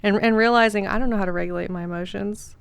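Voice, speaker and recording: A woman podcast host and coach in a casual conversation, speaking in a reflective, measured and affirming way. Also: medium pitch, steady tone, vocal fry, clear, resonant tone, no echo.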